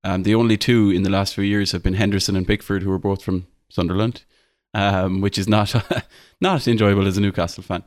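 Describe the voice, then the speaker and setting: A man's voice: deep voice, steady tone, fairly quick, hardly any pauses, dry recording, clean studio sound. A man with an Irish accent, co-hosting a casual podcast and explaining things at length, with many ums and restarts. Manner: rambling, self-correcting, many ums. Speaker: podcast co-host, streamer. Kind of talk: casual chat.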